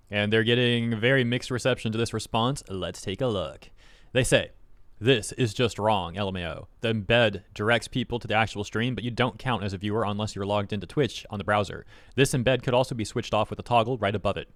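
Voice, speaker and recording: A man's voice: on the low side, fairly bright tone, no room sound, clean studio sound. A man giving casual, skeptical commentary as a YouTube host, reading posts aloud and picking them apart. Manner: skeptical, wry, quick commentary.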